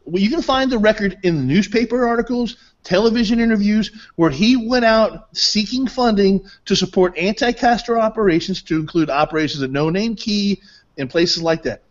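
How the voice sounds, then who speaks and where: A man's voice: sits high, normal speed, highs cut off. A man arguing heatedly as a guest on a live online show, combative and repeating himself to talk over his opponent. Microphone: video call.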